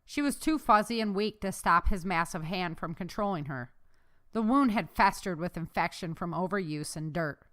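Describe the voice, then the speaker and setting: A woman narrating a novel chapter aloud as an audiobook narrator, telling the story in a steady way. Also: on the low side, moderate pace. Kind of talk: scripted narration.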